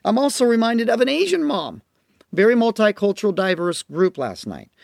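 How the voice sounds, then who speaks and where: High-voiced gravelly man telling parenting stories. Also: big pitch swings, darkish tone, no room sound, studio quality. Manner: acts out quoted parents and children in his stories; earnest, emphatic, slows down on key points. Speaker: parenting speaker. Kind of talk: storytelling talk to a listener.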